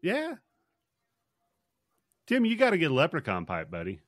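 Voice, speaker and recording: A man's voice: fairly high pitch, huge pitch swings, normal speed, dry recording, clean studio sound. A man co-hosting a podcast, recapping a movie in laid-back, profane, wisecracking chat. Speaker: podcast co-host.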